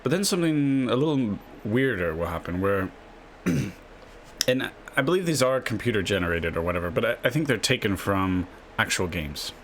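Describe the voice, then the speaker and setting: Low-voiced man rambling through chess tips. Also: very animated, moderate pace, slight background noise. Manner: rambling, tags lines with a questioning "yeah?". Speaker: chess video host. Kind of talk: casual screen-share explainer.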